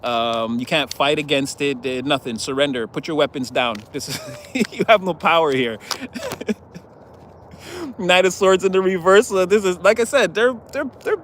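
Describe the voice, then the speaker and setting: A man's voice: fairly high pitch, normal speed, a bit bright, a little hiss or hum. A man giving a casual tarot reading in a chatty, rambling way, laughing often. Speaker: tarot reader.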